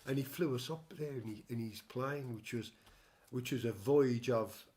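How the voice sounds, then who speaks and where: A man's voice: medium pitch, moderate pace, a little mellow, a little hiss or hum. An older man hosting a casual music chat, telling a long story with many restarts and wry asides. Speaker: show host and songwriter.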